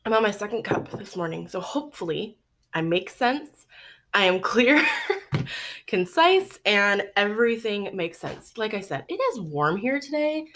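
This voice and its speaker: A woman's voice: mid-range voice, lively intonation, normal speed, a bit bright. A woman in her thirties hosting a casual crochet podcast from home, chatty and rambling with many ums, a little out of breath. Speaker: podcast host. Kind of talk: casual chat.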